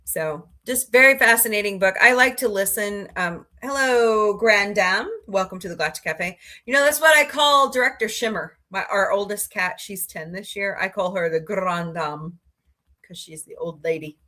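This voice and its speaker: A woman's voice: mid-range voice, moderate pace, sharp tone. Sniffly woman hosting a chatty livestream. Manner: rambling, chatty, greets viewers by name. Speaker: livestream host. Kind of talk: casual livestream chat.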